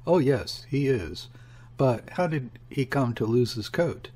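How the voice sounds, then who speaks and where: A man reading the lines of a guarded, anxious shopkeeper's wife, with calm, quiet replies in his own husky voice. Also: mid-range voice, unhurried.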